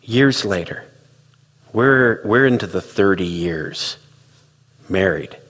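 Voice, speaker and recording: Husky low-voiced man in a hall. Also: animated, slow pace, a bit bright. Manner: conversational, storytelling with quoted dialogue. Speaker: speaker on relationships. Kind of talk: reflective talk.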